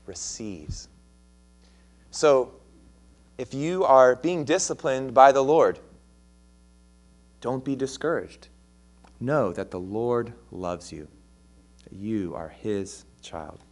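A man's voice: mid-range voice, a little mellow. A male pastor preaching a sermon in a conversational way, often asking his listeners questions and restarting his phrases.

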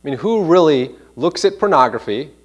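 Preaching man, lively sermon delivery. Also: a little high, moderate pace. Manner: animated, mimics voices in quoted asides. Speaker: pastor. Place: church.

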